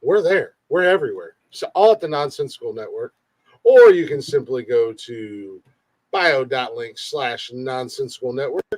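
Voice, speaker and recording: A man's voice: medium pitch, expressive, normal speed, a little mellow, dry recording. A man co-hosting a comedy podcast livestream, chatting casually, rambling and joking with frequent laughs. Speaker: podcast co-host. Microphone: livestream mic.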